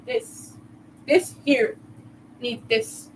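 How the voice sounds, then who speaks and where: Woman livestreamer, casual chat with viewers, slow and rambling, higher voice, laughs a lot. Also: slight background noise, rough recording. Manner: giggly, laughs often and hard; rambling, restarts and fillers. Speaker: crochet livestreamer.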